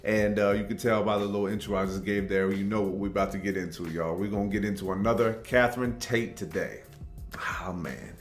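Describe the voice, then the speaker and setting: A man's voice: lowish voice, fairly even intonation, a little fast, roomy sound, faint music behind. Laid-back man hosting a reaction video. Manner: rambling, friendly, lots of fillers. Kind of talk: casual chat.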